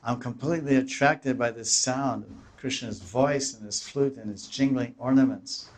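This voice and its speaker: A man's voice: mid-range voice, moderate pace. Man giving a devotional scripture lecture. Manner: breaks into raised, pleading voices when quoting devotees; restarts and searches for words.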